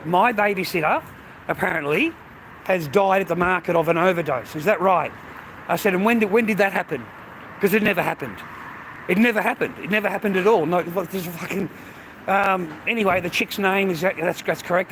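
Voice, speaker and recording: A man's voice: sits high, moderate pace, fairly bright tone. A middle-aged Australian man ranting casually to the camera, agitated and profane, repeating himself and calling the listener mate. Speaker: vlogger. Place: outdoors by a road. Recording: outdoor street noise, traffic.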